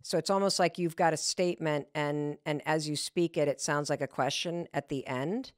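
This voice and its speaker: A woman hosting a podcast interview, talking in an animated way and reacting with quick questions. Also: low-pitched, dry recording, studio quality. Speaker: podcast host.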